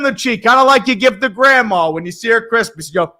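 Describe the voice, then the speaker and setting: A man's voice: very high voice, normal speed. A man streaming a live football game, calling plays as a fan, swearing, laughing and reading chat. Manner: excitable, swears, laughs, shouts at big plays. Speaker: streamer doing live play-by-play.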